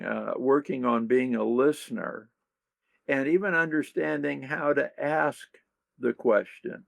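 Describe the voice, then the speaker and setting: A man talks slowly and reflectively as an interview guest, his voice gravelly and worn. The recording is dry with no room sound. He sometimes acts out example questions. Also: medium pitch, dry recording. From United States. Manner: slow, gravelly, thoughtful, acts out quoted questions. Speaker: guest leadership author.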